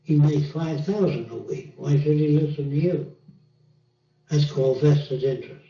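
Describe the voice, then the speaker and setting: A man's voice: fairly high pitch, moderate pace, dark tone, far from the mic. A man giving an unscripted seminar lecture, blunt and anecdotal, with rhetorical questions. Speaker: seminar speaker. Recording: dull, roomy sound from afar.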